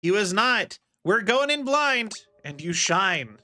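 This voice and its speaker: A man's voice: high-pitched, sing-song, slow pace, pushed and bright. A man streaming live, commenting on a video game in a joking, rambling way.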